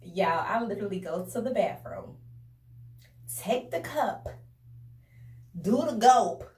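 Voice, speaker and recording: A young woman telling a casual storytime to her viewers in a chatty, animated way, often calling them y'all. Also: mid-range voice, slow. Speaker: vlogger. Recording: roomy echo, a bit distant from the mic.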